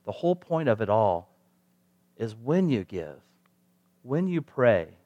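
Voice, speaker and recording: A man's voice: medium pitch, very animated, slow, warm tone, dull audio. A male pastor preaching a sermon in a conversational way, asking the congregation rhetorical questions.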